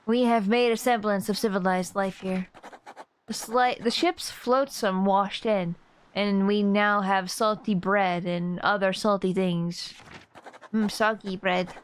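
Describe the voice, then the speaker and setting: A woman voicing a pompous rich male merchant stranded on an island, reading slowly and theatrically in a put-on accent. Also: medium pitch, steady tone, slight background noise, natural voice. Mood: solemn.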